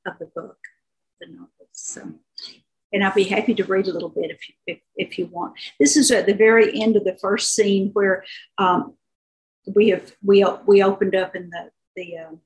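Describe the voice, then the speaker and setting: A woman's voice: lowish voice, vocal fry, low-quality recording. A woman author over fifty, talking unhurriedly about her novel in an interview, with fillers and restarts. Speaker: author guest.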